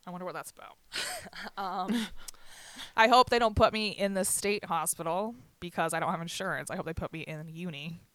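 A young woman talking candidly and haltingly on a casual podcast, with many fillers and restarts. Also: lowish voice, fairly bright tone, dry recording. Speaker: podcast host. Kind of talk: casual chat.

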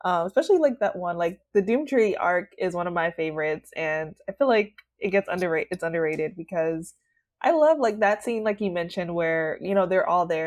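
A woman's voice: on the low side, animated, a little fast, darkish tone. A woman hosting a podcast in casual chat, bubbly and laughing often, with many likes. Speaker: podcast host.

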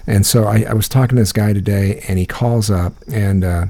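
A man's voice: fairly low pitch, brisk, dark tone. A man co-hosting a podcast, chatting casually and telling a rambling story full of fillers and restarts. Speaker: podcast co-host. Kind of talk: casual chat.

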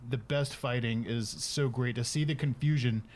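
A man's voice: medium pitch, fairly even intonation, moderate pace. A man co-hosting a casual podcast, laid-back and teasing. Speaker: podcast co-host. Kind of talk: casual chat.

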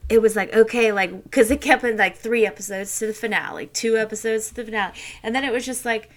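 A woman's voice: medium pitch, fairly bright tone. A woman co-hosting a podcast in casual chat, talking loosely with many "like"s. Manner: loose, rambling talk full of "like". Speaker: podcast co-host.

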